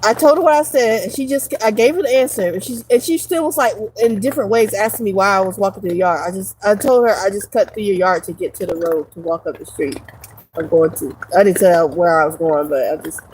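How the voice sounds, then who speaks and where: A woman's voice: mid-range voice, fast talker, darkish tone, a little hiss or hum, poor audio. A woman vlogger ranting casually to her viewers, profane and rambling, laughing often. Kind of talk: casual rant to camera.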